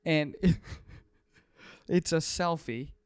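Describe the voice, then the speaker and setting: A man's voice: on the high side, extremely slow, clean tone, no echo, studio quality. A young man in his twenties hosting a podcast, telling a story with energy and acting out the people and noises in it. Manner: lively, acts out people and sound effects in his stories. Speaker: podcast host. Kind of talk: casual chat, animated storytelling.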